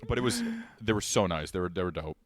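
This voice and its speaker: A man co-hosting a podcast, telling an animated story in casual chat and acting out quotes. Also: sits low, quick pace, no room sound, studio quality. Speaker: podcast co-host.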